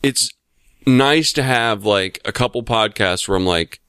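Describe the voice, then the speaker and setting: Profane, rambling man with a smooth voice. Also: on the low side, measured pace, fairly bright tone, no room sound, studio quality. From United States. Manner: rambling, profane, lots of fillers. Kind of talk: casual chat.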